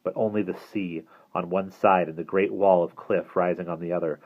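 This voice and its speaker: A man reading a novel aloud as audiobook narration, in a steady, measured way. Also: low-pitched. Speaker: audiobook reader. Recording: tinny phone-like audio.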